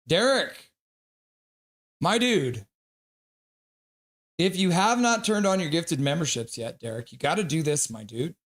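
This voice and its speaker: A man calling a hockey game on a live stream and reading chat messages aloud with excited shouts. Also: a little high. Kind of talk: casual live-stream commentary.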